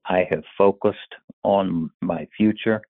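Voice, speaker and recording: An older man from North Carolina tells his story slowly and carefully in a low, husky, gravelly voice. The sound is tinny and phone-like. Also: fairly even intonation, no echo. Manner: slow, measured storytelling. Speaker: caller sharing a personal story. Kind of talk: recorded personal story. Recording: tinny phone-line recording.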